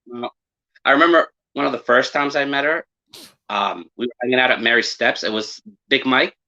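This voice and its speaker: A podcast host, a man, chatting casually and swearing freely. His voice sits at an ordinary pitch but sounds bright and forceful. He rambles, restarts and piles on fillers as he tells his stories. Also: a little fast, dull audio. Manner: relaxed, profane storytelling with many fillers. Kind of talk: casual chat.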